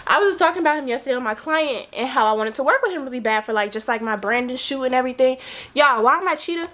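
A young woman chatting excitedly to her vlog viewers, a little tipsy and talkative. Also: high voice, fast talker, slight background noise. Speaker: vlogger. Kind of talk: casual chat to camera.

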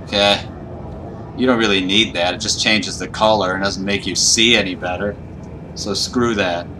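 A man's voice: low-pitched, steady tone, moderate pace, background noise. A man giving nervous, panicky running commentary while playing a horror game. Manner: nervous, panicky self-talk. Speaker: gaming YouTuber.

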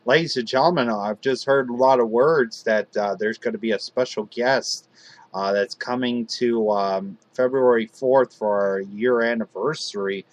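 A man hosting a hobby wrestling show, talking haltingly with lots of fillers. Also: mid-range voice. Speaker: host.

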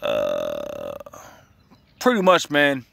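A man's voice: very deep voice, wildly swooping pitch, extremely slow, creaky, bright, forceful tone, no echo, far from the mic. A man giving casual religious commentary, profane and agitated, returning to the same phrases again and again.

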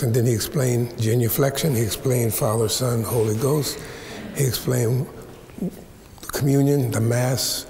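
An American man in his seventies, a preacher, gives a storytelling lecture at a seminary, full of folksy tales and playful asides, drawing out words for effect. His mid-range voice is steady, darkish and a little slow. The hall echoes with long reverb, and there's a little hiss or hum.

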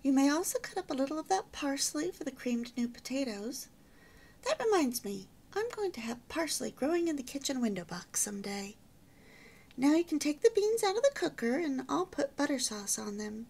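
A bright, chatty young bride in an old-fashioned storybook, her voice rising and falling with lively pride, as a woman reads her. The tone is a touch gravelly at the edges, eager and sweet. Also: high-pitched, moderate pace. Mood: cheerful. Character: cheerful young newlywed housewife, proud homemaker.

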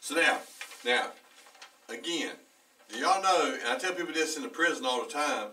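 Male pastor, fairly high and bright, animated storyteller, heard from a distance in a church. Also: moderate pace. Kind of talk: storytelling sermon with congregation. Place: church hall.

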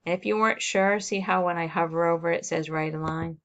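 A woman teacher walking students through a software assignment step by step on a screen recording, narrating each click. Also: fairly low pitch, steady tone, a little fast.

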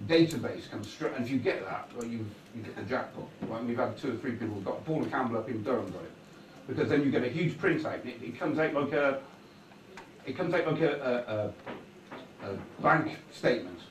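Speaking briskly and expressively in a mid-range voice, a man wanders through a public talk before an audience in an echoing meeting hall. He keeps asking "right?" to check in with listeners, and the distant recording carries a little hiss or hum.

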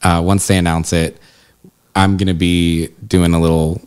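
A man with a very low voice talks casually about running a haunted house. He tells his stories with energy and slips into quoted voices along the way. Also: moderate pace, clean tone. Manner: animated storyteller, acts out quotes with jumps in pitch. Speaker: haunted house manager and scare actor. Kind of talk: casual interview chat.

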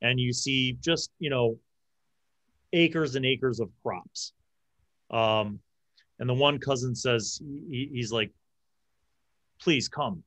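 A man's voice: mid-range voice, fairly bright tone, no room sound. A man narrating a tabletop game as game master, often restarting his sentences. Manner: halting, frequent restarts.

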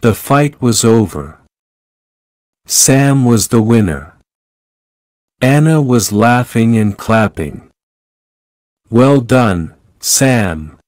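Very slow male audiobook narrator. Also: medium pitch, animated, a little mellow, no echo. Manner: slow, clear reading for learners. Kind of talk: graded reader audiobook narration.

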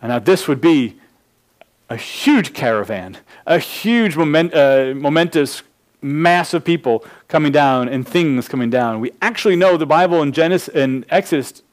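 Guy preaching a sermon, kinda high voice, explaining points, stops and restarts a lot. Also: lively intonation, normal speed. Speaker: pastor. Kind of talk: expository verse-by-verse sermon.

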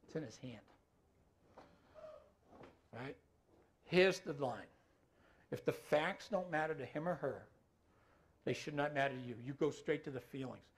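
A middle-aged man trains an audience on dementia care, speaking in a loose, conversational way, often checking in with listeners and tacking on filler phrases. His voice is on the high side and breathy-edged, a little slow, with long pauses.

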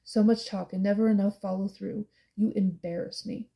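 A woman voicing a cruel, mocking older man who taunts his son with contempt, in a gravelly, husky voice. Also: mid-range voice, steady tone, normal speed, warm tone. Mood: menacing.

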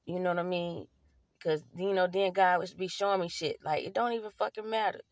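A woman's voice: lowish voice, fairly even intonation, fairly quick, dry recording, clean studio sound. A young woman vlogger telling her own story to camera, candid and street-casual, with plenty of swearing and fillers. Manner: blunt, profane, street-casual talk with many fillers.

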